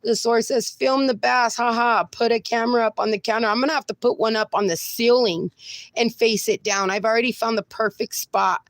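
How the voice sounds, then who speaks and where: A woman's voice: fairly high pitch, steady tone, brisk, dry recording. Chatty woman greeting livestream viewers. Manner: affectionate, greets viewers by name with pet names like darling. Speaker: livestream host. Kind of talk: casual livestream chat reading comments. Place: home with dogs.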